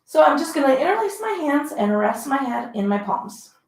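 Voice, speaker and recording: A woman leading a mat pilates class at home, giving chatty, encouraging cues between breathy exertion sounds. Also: sits high, very animated, normal speed, darkish tone. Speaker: pilates instructor. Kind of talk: guided workout instruction. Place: home room, dogs heard about. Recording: roomy echo.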